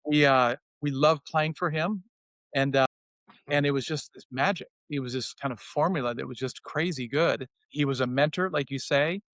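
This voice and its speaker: A man's voice: on the high side, normal speed, no echo. A man in his sixties, a former player, telling stories about his old coach in casual podcast talk, acting out quotes in a raised voice. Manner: animated, acts out quotes in a raised voice. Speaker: former player sharing memories.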